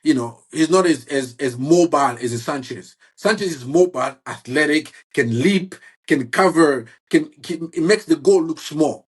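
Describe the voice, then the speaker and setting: Guy with a husky, kinda high voice, rambling about football, lots of restarts. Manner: halting, many restarts, says "bro" and "you see what I'm saying". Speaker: football fan guest. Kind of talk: casual football chat.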